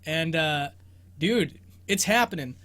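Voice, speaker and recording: A young man with a bright, forward voice pitched a little high hosts a relaxed live Q&A from his bedroom. He rambles through guesses, pokes fun at himself, and laughs easily as he answers viewers. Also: slow. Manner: rambling, self-deprecating, laughs often. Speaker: host of a game exploration show. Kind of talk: casual livestream Q&A commentary.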